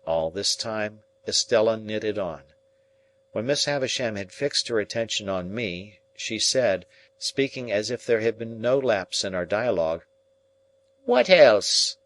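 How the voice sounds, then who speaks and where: A man reading a classic novel aloud as audiobook narrator, in a measured storytelling way. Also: lowish voice, fairly bright tone.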